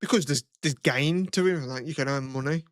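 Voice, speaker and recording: Young male co-host, casual and sweary, higher-pitched, dry close mic. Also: a little fast, dry recording. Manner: rambling, swears a lot, animated retelling. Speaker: podcast co-host. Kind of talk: casual chat.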